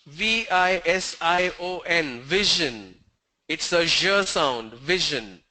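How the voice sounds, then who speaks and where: Brisk, strict teacher. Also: male voice, sits high, animated, sharp tone. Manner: spells words letter by letter, corrective, strict. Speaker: English pronunciation teacher. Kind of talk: online class answering student questions.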